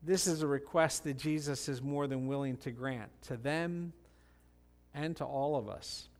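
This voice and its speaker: A man preaching a sermon, reading scripture and explaining it in an earnest teaching manner, rising louder when quoting the cries of the people in the story. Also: mid-range voice, a little slow. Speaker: pastor.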